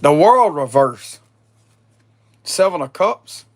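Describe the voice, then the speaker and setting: A man giving a casual tarot reading, animated and laughing often, repeating phrases and swearing freely. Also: a little high, slow. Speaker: tarot reader.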